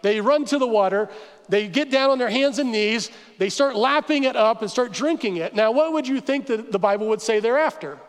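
A man preaching a sermon as pastor, telling the story with animated asides and acting out the crowd's complaints. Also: very high voice, brisk. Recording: church hall reverb.

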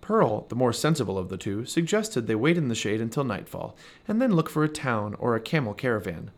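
A man reading a children's chapter book aloud with expressive, animated storytelling. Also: medium pitch, fairly quick. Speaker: storybook reader.

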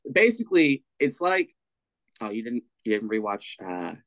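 A man's voice: mid-range voice, normal speed, dry recording, low-quality recording. Emphatic male podcast co-host, dry sound. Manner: animated, emphatic, swears freely. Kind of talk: casual chat.

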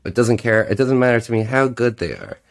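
A man, a singer-songwriter guest, chatting casually on a podcast in a rambling, animated way. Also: mid-range voice, fairly quick, creaky. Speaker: guest musician. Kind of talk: casual chat.

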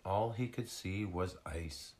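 A man narrating a children's chapter book aloud in a steady reading manner. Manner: slow, steady, deep-voiced reading.

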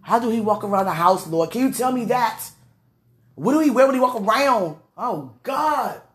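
A woman's voice: fairly high pitch, brisk. A woman vlogging in a casual, gushing way, praying aloud and laughing between breathless exclamations. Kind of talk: casual talk to camera and prayer.

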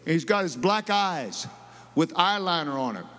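A man's voice: on the high side, expressive, unhurried, fairly bright tone. A male pastor preaching a sermon, telling a story with lots of animation and repeating his words. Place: large church sanctuary. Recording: long reverb of a large sanctuary.

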